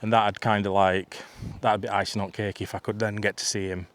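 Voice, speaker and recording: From a field, a vlogger in his 50s tells a chatty, wandering story, repeatedly restarting and slipping in asides. His fairly low voice barely moves in pitch, runs a little fast, and has a fairly bright tone.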